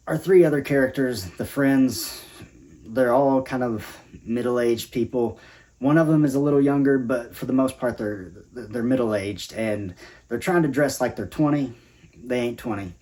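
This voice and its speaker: A man's voice: mid-range voice, darkish tone. A man giving a casual spoken movie review, laid-back and conversational, with dry asides.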